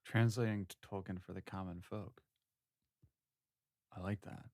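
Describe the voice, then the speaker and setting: A man co-hosting a comedy podcast, chatting casually with a deadpan delivery and drawn-out phrasing. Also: sits low, no room sound, studio quality. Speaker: podcast co-host.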